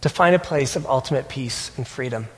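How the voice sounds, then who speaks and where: A man preaching a sermon as a pastor, telling a personal story earnestly with halting restarts. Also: mid-range voice, in a large hall.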